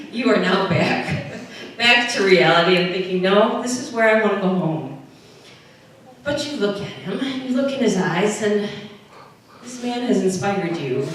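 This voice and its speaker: A woman preacher retelling a scripture story, speaking straight to her listeners as a vivid storyteller. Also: a little high. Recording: very echoey room, distant mic, faint noise.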